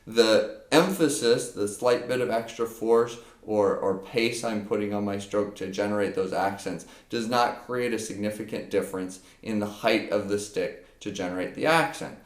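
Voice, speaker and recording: A man with a lowish voice talks through a drum lesson and explains each idea step by step. He speaks off the cuff, with plenty of "um" and "uh", and the sound rings a little in an echoey room. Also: normal speed, few pauses. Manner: explains step by step, with frequent fillers. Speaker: percussion teacher. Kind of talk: unscripted instructional lesson.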